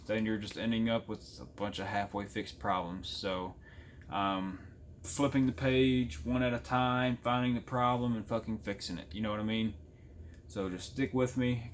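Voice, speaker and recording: A man's voice: lowish voice, slight background noise. Rambling casual podcast host man. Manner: rambling, casual swearing, repeats words. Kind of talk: casual solo podcast chat.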